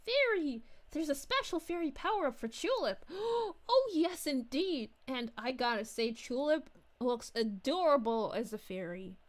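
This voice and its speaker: A sweet, bubbly young princess, played by a woman, gushes over her fans in a high, bright voice that swoops up and down. She keeps sighing "aw" and giggling as she reads chat on a live stream, effusive and warm in character. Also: very animated, measured pace, hardly any pauses. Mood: cheerful. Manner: gushing, effusive, frequent giggles and "aw"s. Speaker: VTuber streamer.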